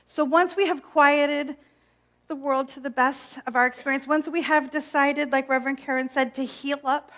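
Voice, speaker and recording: Woman minister, high voice, reflective sermon with wry asides. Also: steady tone, moderate pace. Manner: gentle, reflective, with playful self-mocking asides.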